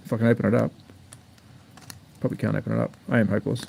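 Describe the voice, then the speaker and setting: A man's voice: medium pitch, fast talker, creaky, pauses often, a little mellow, slight background noise. A man with an Australian accent hosting a live-stream hobby unboxing, chatting casually and bluntly with plenty of swearing and rambling asides. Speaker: slot car channel host.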